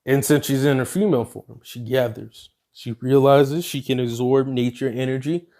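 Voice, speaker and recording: A man's voice: medium pitch, steady tone, normal speed, dark tone. A man casually narrating a made-up fan story, rambling along with plenty of fillers and self-corrections.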